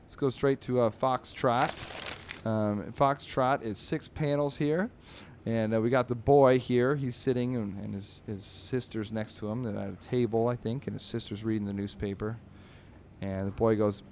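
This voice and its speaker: A man hosting a comedy podcast, reading comic strips aloud in an animated way, laughing often and slipping into squeaky character voices. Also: moderate pace, slight background noise.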